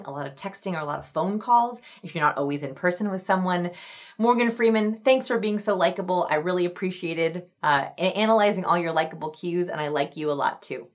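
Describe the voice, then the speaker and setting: A woman with a somewhat low voice presents an explainer video straight to camera. She talks in an upbeat, instructive way, guiding the viewer through tips. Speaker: host of a video on likability.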